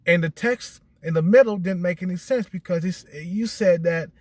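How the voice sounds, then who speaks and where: A middle-aged man talking casually and bluntly, swearing often and repeating "you know what I'm saying," his voice climbing high and animated when he retells others' words. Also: normal speed, few pauses. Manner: animated, rising high when quoting texts. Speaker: vlogger. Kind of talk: casual monologue.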